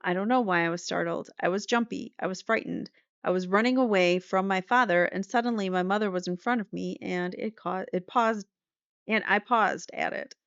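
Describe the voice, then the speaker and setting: A woman voicing a young male defendant, answering cross-examination in a halting, defensive way. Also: mid-range voice, a bit bright, clear, resonant tone, no echo, natural voice. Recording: slightly muffled dry recording.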